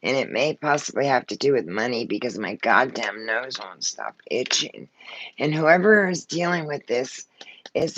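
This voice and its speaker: A woman's voice: low voice, a bit bright, breathy edge, no room sound, poor audio. A woman giving a live-stream tarot reading, blunt and emotional, swearing freely and short of breath. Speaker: tarot card reader.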